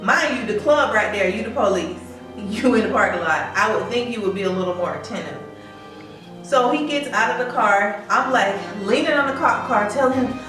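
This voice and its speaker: In a casual storytime vlog, a woman animatedly tells a personal story, acting out what people said. She speaks at a moderate pace with a medium pitch, recorded from a distance in an echoey room, with music in the background.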